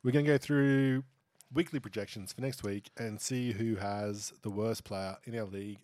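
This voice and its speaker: Deadpan man reading stats. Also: lowish voice, moderate pace. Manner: dry, deadpan, with crude jokes. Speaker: podcast co-host. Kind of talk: casual chat reading out stats.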